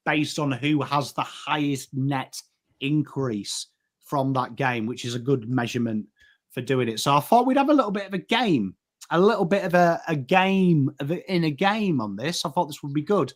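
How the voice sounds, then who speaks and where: An English man co-hosting a casual football chat, animated and rambling, often restarting his sentences. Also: on the high side, moderate pace. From England. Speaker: co-host.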